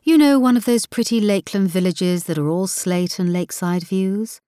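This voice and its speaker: Lady doing an eager wife, high and coaxy, dry close mic. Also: normal speed, dry recording, lightly acted. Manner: eager, pleading, bright-toned. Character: wife, eager and romantic, coaxing.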